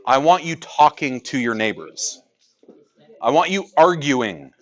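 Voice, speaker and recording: Lively, slow-talking male math teacher. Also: medium pitch. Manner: lively, joking with students, rhetorical questions. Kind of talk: classroom teaching. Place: classroom.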